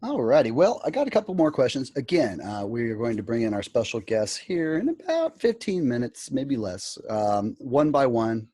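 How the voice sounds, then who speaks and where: Lively husky male talk show host. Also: medium pitch, moderate pace, hardly any pauses, no echo, clean studio sound. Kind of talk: casual podcast chat.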